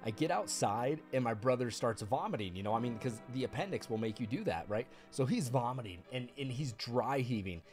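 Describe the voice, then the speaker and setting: A man's voice: mid-range voice, animated, fairly quick, few pauses, a little mellow. A man streaming a video game, telling a long story in casual chat, rambling and laughing with plenty of fillers. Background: faint video game music.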